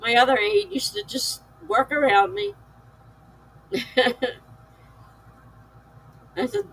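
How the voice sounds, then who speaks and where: A woman's voice: high-pitched, very animated, a bit bright, husky, rough recording. A tired woman chatting casually with her live-stream viewers, weary and given to laughing. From United States. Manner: slow, weary, laughs often. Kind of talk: casual chat with chat readers.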